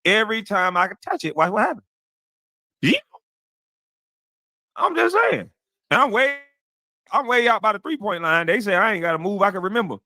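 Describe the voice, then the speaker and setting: Animated trash-talking guy in his 40s, voice swinging all over, dry close sound. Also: sits high, normal speed, vocal fry, long pauses, no echo. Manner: animated, boastful, calls people "boy", laughs often. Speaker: former basketball player reacting to game clips. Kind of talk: profane trash-talk commentary over video.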